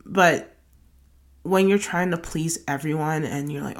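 A young woman with a low, full voice reads her blog post aloud as a podcast host. She works through numbered self-help tips and then wanders into relaxed, chatty asides before returning to the list. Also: measured pace.

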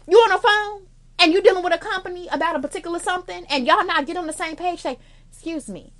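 A young adult American woman with a high, slightly bright voice delivers blunt, sassy life advice in a casual monologue. She swears freely and calls the listener "girl."

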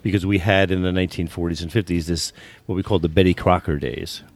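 This American football business consultant, a man in his sixties, is a guest on a podcast sharing stories quickly in a deep voice with fairly even intonation. He frequently repeats himself and starts sentences over.

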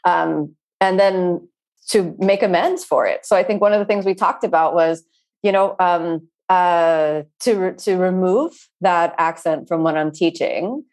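A woman yoga teacher speaking in an interview, earnest and searching, with frequent pauses and restarts. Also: lowish voice, a little mellow. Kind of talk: reflective interview talk.

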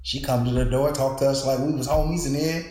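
A man hosts a loose, joking conversation, spinning stories and teasing his friends. His voice sits at an ordinary pitch. The room around him is heavily echoey. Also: steady tone, a little fast, a little mellow. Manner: storytelling, playful teasing, laughs often. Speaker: podcast host. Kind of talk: casual chat.

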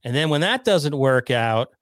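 A man's voice: mid-range voice, expressive, unhurried, dry recording, clean studio sound. A man hosting a live stream, teasing his guest with wry, accusing questions. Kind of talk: casual live-stream chat.

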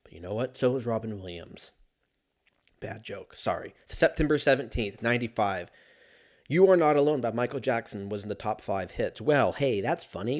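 A man's voice: on the low side, lively intonation, moderate pace. Rambling, foul-mouthed podcast guy. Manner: profane, rambling, self-mocking. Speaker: podcast host. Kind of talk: casual solo podcast chat.

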